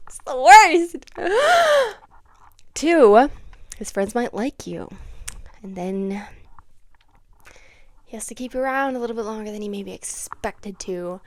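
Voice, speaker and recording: A young woman chatting casually on her vlog, swinging from hushed asides to dramatic near-yelling. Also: fairly high pitch, very animated, measured pace, long pauses, no room sound. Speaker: vlogger. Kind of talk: casual chat.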